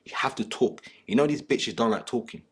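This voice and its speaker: A man's voice: medium pitch, expressive, fairly quick, breathy edge. A man, a panelist talking in a crude, joking, slangy way about relationships. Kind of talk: casual panel talk.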